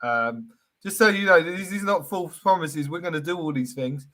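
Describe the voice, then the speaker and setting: A man co-hosting a casual football comedy chat, telling animated, jokey stories. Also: a little high, normal speed. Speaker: co-host.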